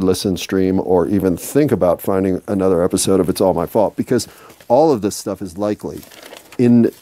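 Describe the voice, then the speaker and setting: A man's voice: lowish voice, warm tone, no room sound. A man hosting a solo podcast, rambling, swearing freely and joking at his own expense. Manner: rambling, profane and self-mocking. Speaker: podcast host.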